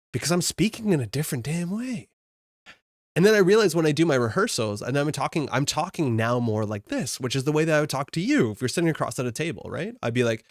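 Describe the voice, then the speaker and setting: Fast-talking gravelly young man. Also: mid-range voice, no room sound, clean studio sound. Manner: rambling, self-correcting, reads chat aloud. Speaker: card game streamer. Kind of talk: casual live-stream chat.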